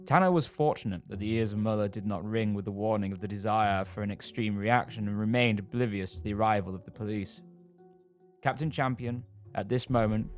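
A man reading a scripted true-crime story in a measured storytelling manner. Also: lowish voice. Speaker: narrator.

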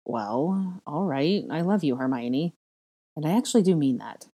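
A woman lends her voice to a teenage boy wizard, earnest and a little awkward, whose lines come out low and soft in a mellow tone. He hesitates before he speaks, gentle rather than bold. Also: expressive, normal speed, breathy edge. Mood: hesitant.

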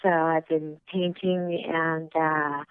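A woman's voice: low voice, flat delivery, takes it slowly, clean tone. Chatty woman on a tinny phone line. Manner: chatty and laughing. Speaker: guest. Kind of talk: casual phone interview.

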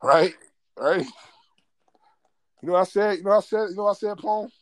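A man telling a stand-up story, animated and profane, getting loud and laughing as he talks. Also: sits high, a little fast, no room sound. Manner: gets loud and excitable, often laughing mid-sentence. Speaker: comedian.

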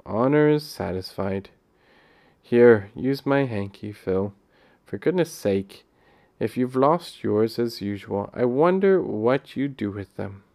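A man's voice: mid-range voice, lively intonation, slow, dark tone. A man reading aloud, voicing a proud, bossy boy who speaks offhandedly and impatiently.

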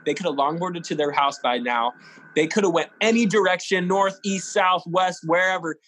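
A young man casually telling a personal story as an interview guest, in an animated way and with lots of "like". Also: high-pitched, moderate pace, low-quality recording. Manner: animated, fills speech with "like".

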